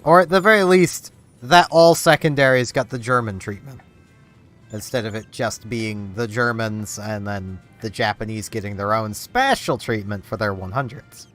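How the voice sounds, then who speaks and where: A man's voice: fairly low pitch, normal speed, a bit bright, soft background music. A man with a Canadian accent giving casual, sarcastic commentary while streaming a game. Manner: wry, sarcastic asides.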